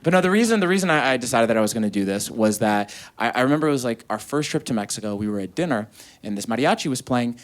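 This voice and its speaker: A man's voice: medium pitch, expressive, fast, few pauses. A young man performing stand-up comedy, telling a story and quoting people in put-on voices. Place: comedy venue with a live audience.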